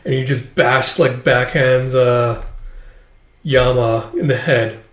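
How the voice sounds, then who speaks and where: A man's voice: medium pitch, fairly even intonation, slow, roomy sound. A man hosting a casual read-along of a comic chapter, rambling with lots of fillers. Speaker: host.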